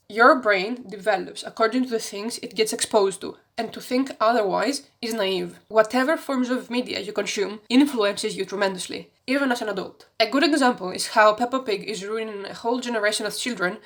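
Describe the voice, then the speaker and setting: A woman's voice: medium pitch, a bit bright. Young woman, vlogger, gushing and emotional, tearful at times. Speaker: video essay creator. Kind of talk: emotional personal vlog.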